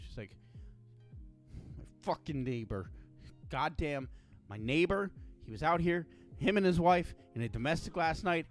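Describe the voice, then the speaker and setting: A man's voice: a little high, sing-song, normal speed, faint music behind. A man co-hosting a casual podcast, telling a profane story and acting out the people in it. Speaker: podcast co-host.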